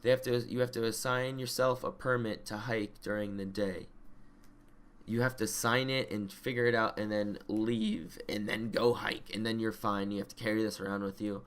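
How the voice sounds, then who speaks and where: A man's voice: lowish voice, steady tone, moderate pace. Ranting young man, heated and profane. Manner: profane, ranting, gets worked up. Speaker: podcast co-host. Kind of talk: casual chat.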